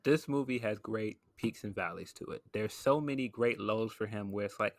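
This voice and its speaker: A man's voice: mid-range voice, animated, normal speed, a bit bright, no room sound. A man hosting a casual podcast, gushing enthusiastically about a film and comparing it to wrestling. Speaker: podcast host.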